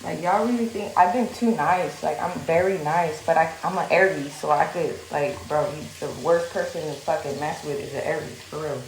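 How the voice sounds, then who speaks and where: Heated woman livestreamer, confrontational rant, lower voice, roomy phone sound. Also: normal speed, few pauses, a little hiss or hum. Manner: heated, confrontational, lots of fillers. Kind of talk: venting on a livestream.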